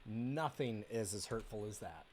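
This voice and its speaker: A man's voice: fairly low pitch, measured pace, darkish tone, slight background noise. A man chatting casually while streaming a game, rambling and candid, with bitter, sarcastic asides. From United States. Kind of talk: casual live-stream chat.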